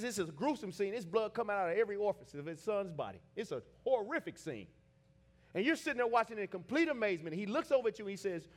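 Guy preaching, big swings in his voice, gets loud and intense. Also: sits high, very animated, fast talker. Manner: dramatic storytelling, builds to shouting climaxes. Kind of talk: sermon.

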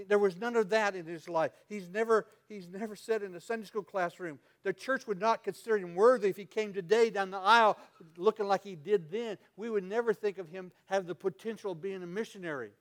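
A man preaching a sermon as pastor, telling stories and swinging from loud to quiet. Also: high voice.

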